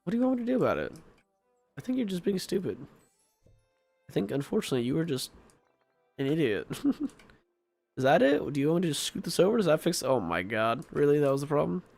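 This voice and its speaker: Exasperated gravelly-voiced man gaming. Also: on the high side, big pitch swings, fairly quick, pauses often, a little mellow, no echo, soft background music. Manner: exasperated, swearing, repeating questions. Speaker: gaming streamer. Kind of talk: casual gameplay commentary.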